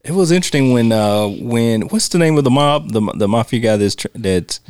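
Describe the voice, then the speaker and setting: A man's voice: medium pitch, a little fast, clear, resonant tone, dry recording, studio quality. A man hosting a podcast, chatting casually about a film and acting out its lines with laughs. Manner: animated, acts out movie quotes with laughs. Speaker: podcast host.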